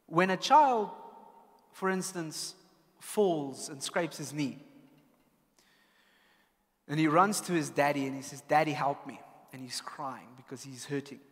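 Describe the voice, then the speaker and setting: Earnest South African pastor, reverberant church. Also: male voice, fairly high pitch, a bit bright. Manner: earnest, personal, candid. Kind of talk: sermon.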